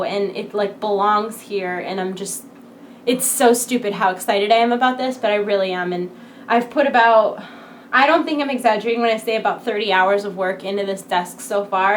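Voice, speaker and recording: A woman's voice: a little high, a little hiss or hum. A woman in her twenties chatting casually to camera from home, full of filler words. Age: 20s. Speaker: vlogger. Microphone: computer desk setup.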